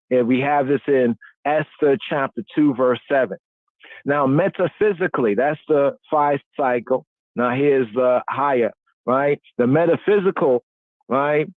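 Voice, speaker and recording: A man's voice: medium pitch, no room sound. A man hosting a podcast, teaching scripture in a repetitive cadence and often checking in with "right?", heard over a phone line. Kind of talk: call-in radio podcast teaching. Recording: dry tinny phone-line audio.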